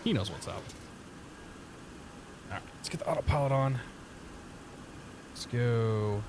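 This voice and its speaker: A man's voice: mid-range voice, a little slow, noisy background. A man with a vaguely Midwestern accent touched by Boston, chatting casually while streaming a flight sim and reading back pilot radio calls. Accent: vaguely Midwestern with some Boston flair. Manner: relaxed, chatty, reads back clearances in pilot radio style.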